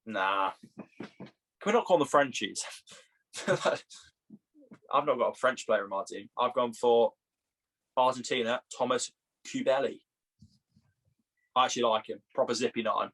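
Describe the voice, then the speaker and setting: A young English man co-hosting a podcast in casual, teasing banter, quick to laugh at his own jokes. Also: mid-range voice, fairly bright tone. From England. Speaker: podcast co-host.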